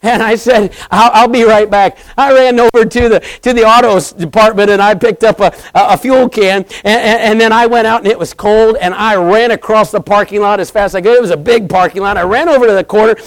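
A middle-aged male preacher telling a folksy story in a sermon, animated and repetitive. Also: sits high, brisk, few pauses, dry recording, poor audio.

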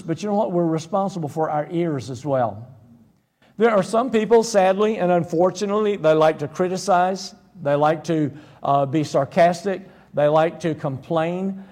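Man, preacher, sermon, folksy and conversational, jokey one-liners, slightly high voice. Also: moderate pace, a little mellow. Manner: frequent fillers and restarts.

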